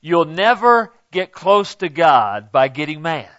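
High-voiced, unhurried preaching man. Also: very animated, a bit bright, no room sound, muffled recording. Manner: conversational preaching, punctuated with "okay?". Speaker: pastor. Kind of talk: sermon.

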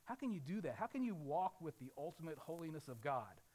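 A man from the Ozarks preaching a sermon as pastor, swinging between loud emphasis and hushed lines, asking his listeners rhetorical questions. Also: fairly high pitch, sing-song, a little fast. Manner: asks rhetorical questions, acts out a crying baby.

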